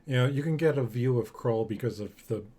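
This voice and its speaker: A man's voice: medium pitch, brisk, dark tone. Hesitant man running a tabletop game. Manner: hesitant, with frequent ums. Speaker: game master.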